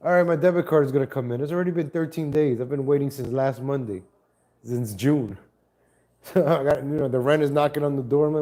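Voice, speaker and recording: A man's voice: mid-range voice, fairly even intonation, brisk, mellow. Rambling man chatting live from home. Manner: rambling, self-correcting, chats to viewers and cat. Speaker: live-stream host. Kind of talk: casual live-stream chat.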